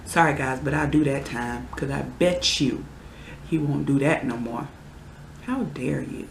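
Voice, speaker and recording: A young adult in their twenties rants heatedly to the camera, exasperated and prone to sudden outbursts. The voice carries a gravelly fry. It sounds roomy and echoey, with a faint hiss underneath. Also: mid-range voice, unhurried. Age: 20s. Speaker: vlogger. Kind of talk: casual ranting vlog. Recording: roomy echo.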